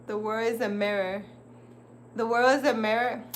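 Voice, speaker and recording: A woman's voice: a little high, steady tone, normal speed, a little hiss or hum. A woman hosting a casual livestream, rambling and chatty as she talks straight to her viewers. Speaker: livestream host.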